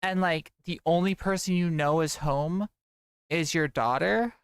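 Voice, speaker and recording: Slow-talking young woman streamer, gravelly. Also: fairly low pitch, dry recording, clean studio sound. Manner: chatty, rambling, reads chat aloud. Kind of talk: casual livestream chat.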